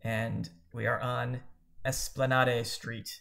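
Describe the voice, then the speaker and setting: A man's voice: medium pitch, flat delivery, slow, creaky, fairly bright tone. Guy rambling through a book chat, loose and chatty, keeps correcting himself. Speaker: podcast co-host. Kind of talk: casual book discussion.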